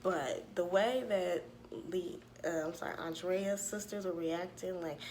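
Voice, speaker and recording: A woman, giving a sassy, animated recap of a reality show in casual commentary. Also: fairly low pitch, measured pace, a little hiss or hum. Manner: sassy, animated retelling with acted-out quotes.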